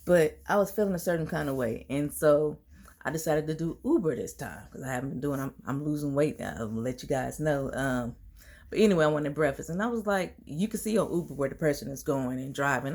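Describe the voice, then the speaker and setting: A woman's voice: low voice, brisk, a little mellow. A woman vlogging to her viewers in a casual, slangy, storytelling way, laughing often.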